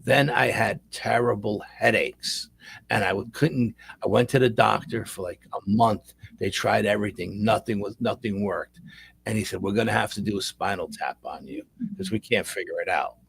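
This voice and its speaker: A man's voice: lowish voice, normal speed, vocal fry, fairly bright tone, husky. A middle-aged man, a paranormal investigator telling a long rambling story in a casual interview, repeating words as he goes.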